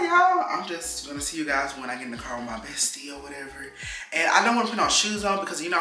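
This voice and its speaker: Chatty young man vlogging over loud music. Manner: chatty, loose and slangy, with abrupt jumps up in pitch. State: out of breath. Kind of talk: casual vlog chat. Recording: roomy sound with loud music underneath.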